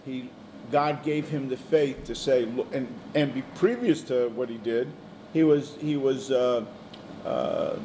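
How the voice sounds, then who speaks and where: A man's voice: fairly high pitch, mellow, a little hiss or hum. Man leading a Bible study. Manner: conversational, asks the group questions. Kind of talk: informal Bible study teaching. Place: room with a small group.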